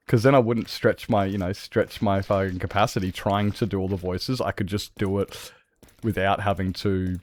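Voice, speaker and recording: A man's voice: deep voice, steady tone, moderate pace. A man rambling casually on a game stream from his bedroom, restarting sentences and swearing freely. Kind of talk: casual stream chat while gaming.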